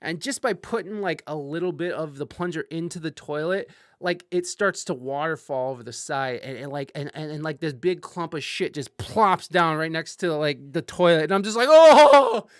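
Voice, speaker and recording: A man with a slightly higher-pitched, smooth and clear voice tells a crude story in a casual chat. He is animated and profane, and he bursts into loud, panicked yelps when he quotes himself. The sound is close and dry. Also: moderate pace, few pauses, dry recording. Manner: greets live-stream viewers mid-story. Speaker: podcast host.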